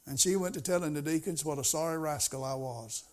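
A man's voice: fairly high pitch, a little fast, darkish tone. Folksy preacher man. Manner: folksy, conversational preaching with rising emphasis. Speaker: pastor. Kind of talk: sermon.

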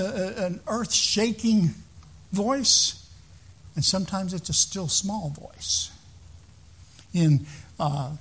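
A man's voice: high voice, husky. A man preaching a sermon as pastor, talking to the congregation and often repeating words and restarting phrases.

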